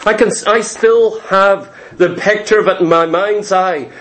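A man's voice: high-pitched, unhurried, fairly bright tone. A man preaching a fervent, confessional testimony in a sermon, repeating key phrases for emphasis.

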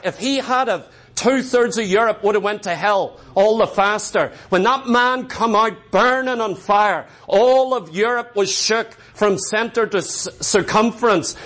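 A man with a notably high voice preaches a revival sermon. He is impassioned and emphatic and drives each point home by repeating it. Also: moderate pace, few pauses, fairly bright tone.

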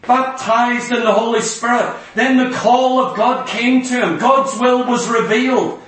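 A man's voice: extremely high pitch, fairly even intonation, unhurried, fairly bright tone. A man preaching a fervent, exhorting sermon in a church hall. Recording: echoey hall from far off.

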